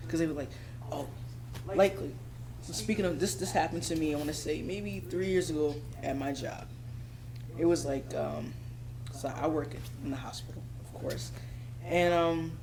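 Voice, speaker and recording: Brief: animated woman storyteller, casual and laughing, with group noise behind. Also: deep voice. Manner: animated, laughing, lots of "you know what I'm saying". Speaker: podcast guest, hospital worker. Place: room with a group of women. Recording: noisy group chatter behind.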